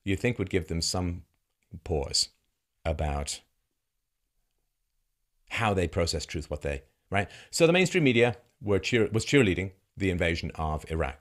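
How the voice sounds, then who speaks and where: A male commentary host giving an emphatic, sarcastic monologue full of rhetorical questions and chuckles, dropping from loud mocking peaks to low, grave tones. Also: expressive, measured pace, long pauses. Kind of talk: commentary monologue reacting to a news segment.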